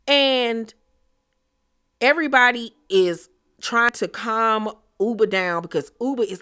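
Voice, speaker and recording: A woman's voice: on the high side, a little slow, bright, forceful tone, clean tone. Opinionated woman recapping reality TV. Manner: opinionated, dramatic, emphatic repetition. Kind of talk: casual commentary recap.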